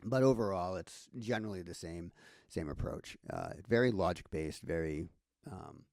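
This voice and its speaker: A man's voice: sits low, normal speed, gravelly, a little mellow, no echo, clean studio sound. A man giving a casual screen-share tutorial, thinking aloud with many fillers and restarts. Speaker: instructor.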